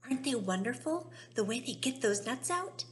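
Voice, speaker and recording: A woman voicing an eccentric, excitable male candy maker who eagerly explains things in a storybook reading. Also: fairly high pitch, normal speed, pitched above the performer's own voice, lightly acted. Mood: explaining.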